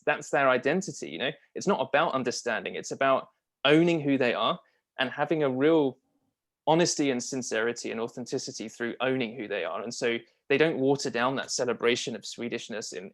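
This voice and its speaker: Chatty man, enthusiastic marketing talk. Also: mid-range voice. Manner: enthusiastic, many fillers and restarts. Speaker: copywriter and marketing strategist, guest. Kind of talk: casual interview talk.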